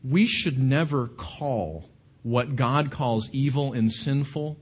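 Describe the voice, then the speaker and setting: A man preaching a sermon to a congregation, animated, often repeating and restarting his words. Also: mid-range voice, slow pace, husky. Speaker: pastor.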